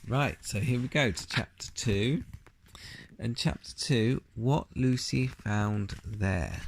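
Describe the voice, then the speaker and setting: A man reading a children's book aloud, in unhurried storytelling with occasional slips. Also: mid-range voice, gravelly, a little hiss or hum. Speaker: reader.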